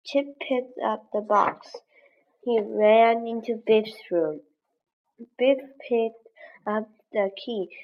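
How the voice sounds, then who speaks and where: A woman's voice: a little high, extremely slow, dull audio. A woman reading a graded children's story aloud for English learners, with careful, evenly paced delivery. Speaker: English lesson reader.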